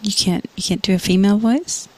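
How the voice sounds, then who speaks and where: A woman's voice: mid-range voice, a little fast, a little mellow. A woman co-hosting a live comedy podcast, asking dry, teasing questions in casual banter. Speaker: podcast co-host.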